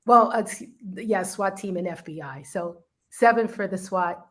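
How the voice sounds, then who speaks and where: A woman's voice: mid-range voice, a little slow, fairly bright tone. A woman guest on a panel, chatting casually and laughing between words. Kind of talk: casual chat.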